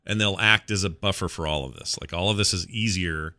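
A low-pitched man co-hosting a casual chat show. His tone is bright and forceful. He rambles along, gesturing with his hands as he talks. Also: brisk. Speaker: podcast co-host.

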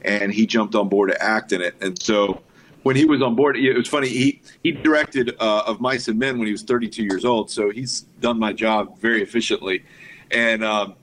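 A man's voice: lowish voice, normal speed, a little hiss or hum. Chatty male filmmaker guest. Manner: animated anecdotes with quoted voices, frequent fillers. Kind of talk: casual interview storytelling.

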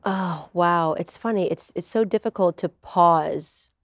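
A woman's voice: fairly low pitch, measured pace, dry recording, studio quality. A young woman telling her personal story in an earnest conversational interview. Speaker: guest.

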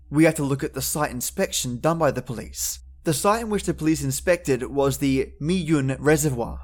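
A man hosting a horror podcast, telling urban legends in theatrical, chatty scripted narration. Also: fairly high pitch. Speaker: podcast host and storyteller.

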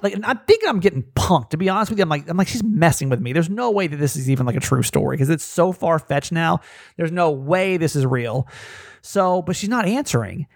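Gravelly-voiced man telling a wild story. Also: fairly quick, no echo, studio quality. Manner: animated, acts out quoted dialogue with rising pitch. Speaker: podcast host. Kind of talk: casual storytelling.

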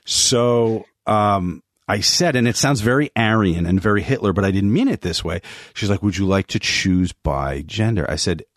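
A man with a fairly low voice running a casual podcast chat, reading questions aloud and spinning wry anecdotes. The sound is dry and close-miked. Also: normal speed, dry recording. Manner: reads listener questions, jokey anecdotes. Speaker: podcast co-host.

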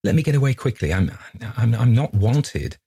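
A man's voice: medium pitch, big pitch swings, moderate pace, gravelly, dark tone, slightly rough, dry recording, studio quality, voice pushed up, exaggerated voice. A man reading a distraught young woman in an audiobook, pleading and breaking between laughter and sobs. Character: distraught young woman, sobbing, wounded pride.

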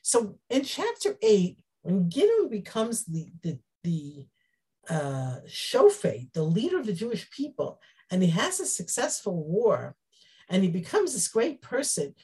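A woman teaching a Bible class, explaining the text with Hebrew terms and acting out the quoted speech with lively energy. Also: medium pitch, a little slow, husky. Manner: animated, acts out quoted speech.

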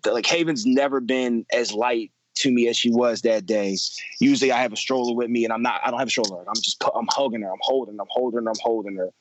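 A man's voice: mid-range voice, steady tone, quick pace, rough recording. A man in his thirties telling a personal story about his family in a casual, conversational way, full of fillers, repeats and slang.

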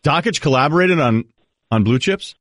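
A man's voice: a little high, expressive, normal speed, a bit bright, dry recording, studio quality. A man hosting a talk show, chatting loosely and joking with his guest. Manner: easygoing, joking, trails off and restarts. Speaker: host. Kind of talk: casual chat.

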